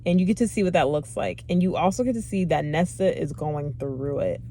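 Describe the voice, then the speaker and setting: A woman's voice: low voice, a little fast, a little hiss or hum. Chatty exasperated young woman book vlogger. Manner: animated, exasperated, chatty with many fillers. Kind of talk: casual book review vlog.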